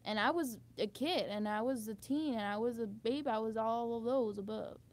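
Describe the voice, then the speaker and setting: High-voiced young woman venting bluntly. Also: normal speed. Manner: frustrated, blunt, swears freely, rambling restarts. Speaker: vlogger. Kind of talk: emotional venting monologue.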